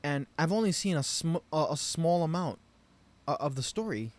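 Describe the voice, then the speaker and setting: A man giving an unscripted game review rant, rambling and profane, with frustrated loud bursts. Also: a little high, animated, moderate pace. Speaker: game commentary vlogger.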